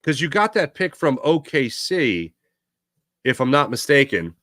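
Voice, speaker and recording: Brief: Philadelphia sports talk host, crisp bright tone, dry close sound, rambling off-the-cuff delivery. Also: male voice, mid-range voice, sing-song, a little slow, no room sound. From Philadelphia area, USA. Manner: rambling, self-correcting storyteller. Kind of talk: casual chat, answering live chat.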